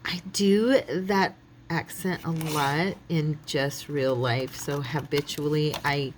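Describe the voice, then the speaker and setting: Slow and steady, with a voice that sits low, a middle-aged woman from the United States talks her way through crafting on her channel. She muses aloud casually and laughs often, over a faint hiss or hum.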